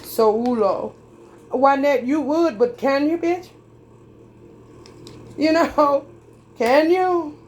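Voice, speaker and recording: A woman's voice: high voice, slow pace, long pauses, darkish tone, slight background noise. A woman giving a tarot reading in a heated, preachy and profane monologue, drawling and emphatic as she talks straight at her viewers. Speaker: tarot reader.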